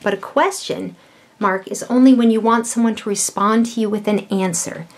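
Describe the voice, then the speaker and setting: A middle-aged woman, a mother, patiently explaining vowels and punctuation to young children, with slow, drawn-out words. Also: mid-range voice, darkish tone. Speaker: children's educational video host.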